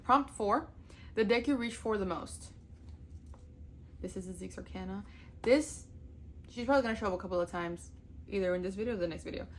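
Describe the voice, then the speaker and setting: A woman's voice: medium pitch, fairly quick, pauses often, a little hiss or hum. Chatty young woman gushing about cards. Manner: chatty, gushing, swears casually, laughs often. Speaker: tarot vlogger. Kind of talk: casual chat.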